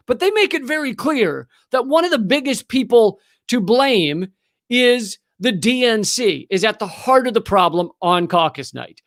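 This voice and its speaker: A man's voice: very high voice, animated, measured pace, fairly bright tone. A man hosting a comedic political news show, ranting with sarcasm and profanity, full of restarts.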